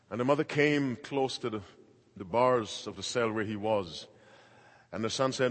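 A man's voice: fairly low pitch, moderate pace, in a large hall. A man preaching a sermon in an emphatic, dramatic way, acting out quoted voices.

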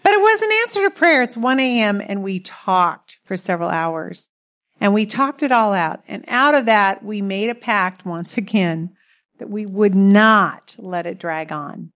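A woman's voice: medium pitch, animated, a little slow, fairly bright tone. A middle-aged woman telling a personal marriage story in a chatty way, laughing often. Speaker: co-host speaking about marriage. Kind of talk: casual storytelling talk.

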